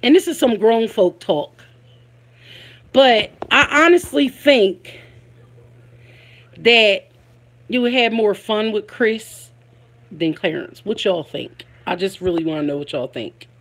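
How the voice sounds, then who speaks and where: Livestreaming casually from home, a woman with a Philadelphia accent chats, laughs often and keeps calling out to viewers by name. Her voice is medium-pitched, slow and lively in intonation, with frequent pauses.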